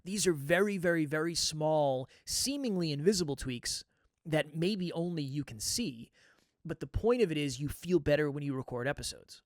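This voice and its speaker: A man's voice: on the high side, animated, normal speed, no echo. A man hosting his own podcast, talking candidly and reflectively in a coaching manner into a close microphone. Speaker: podcast host. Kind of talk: reflective solo podcast talk.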